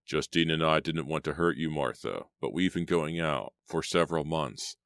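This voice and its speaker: A man voicing a remorseful teenage boyfriend in a storybook reading, talking in a soft, hesitant, apologetic way. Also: rumbling low, moderate pace, gravelly, dry recording, studio quality, exaggerated voice. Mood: uneasy.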